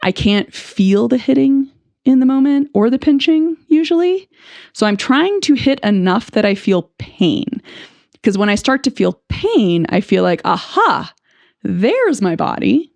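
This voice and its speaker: A woman's voice: a little high, big pitch swings, unhurried, vocal fry, a little mellow, dry recording. A woman hosting a podcast as a speech-language pathologist, speaking frankly and reflectively in a candid first-person monologue, with bursts of nervous laughter.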